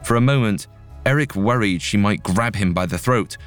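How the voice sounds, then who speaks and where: A man narrating a scripted story in a measured, dramatic way. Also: on the low side, fairly bright tone, soft background music.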